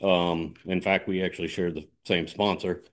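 Deep-voiced man sharing, hesitant. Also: normal speed. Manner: relaxed, hesitant, many fillers. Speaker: AA member sharing. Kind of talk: candid recovery share.

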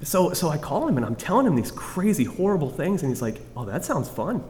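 A man's voice: on the high side, very animated, fast, a little mellow. A man sharing his recovery story candidly with a group, self-mocking and rambling, full of restarts. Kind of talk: candid personal testimony to a group. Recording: long reverb of a hall.

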